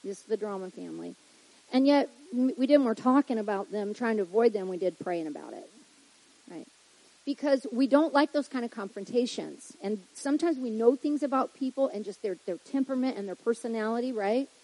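A woman's voice: fairly high pitch, lively intonation, brisk, mellow, husky, low-quality recording. A woman pastor preaching to church leaders in a conversational way, often checking in with her listeners and acting out little quoted exclamations.

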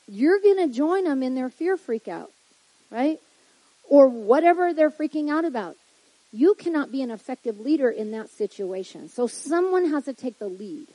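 A woman's voice: fairly high pitch, dark tone, slightly rough, dry recording, poor audio. A woman pastor preaching to church leaders in a conversational way, often checking in with her listeners and acting out little quoted exclamations.

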